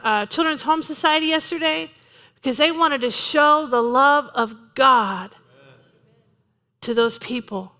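A woman pastor preaching a lively sermon, joking and emphatic, with chatty asides to the congregation. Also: high-pitched, in a large hall. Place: church sanctuary.

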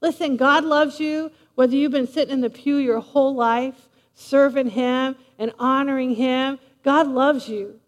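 A woman preacher giving a lively, playful sermon, speaking straight to her congregation in a large church hall. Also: high-pitched, unhurried. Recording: long reverb of a large hall.

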